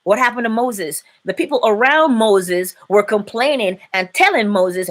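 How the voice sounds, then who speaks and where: A woman hosting a live-stream inspirational talk, preaching in an animated way and laughing often. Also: medium pitch, unhurried, few pauses. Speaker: inspirational speaker and host.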